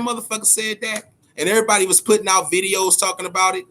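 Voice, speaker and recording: Male boxing-talk host, raised pitch, hot and profane, repeats himself when fired up. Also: a little fast, bright, forceful tone. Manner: heated, profane, repeats words when worked up. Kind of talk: profane casual boxing commentary.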